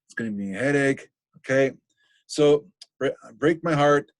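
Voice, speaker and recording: A man's voice: medium pitch, moderate pace, no echo. A man teaching a recorded literature lesson, thinking aloud casually as he explains.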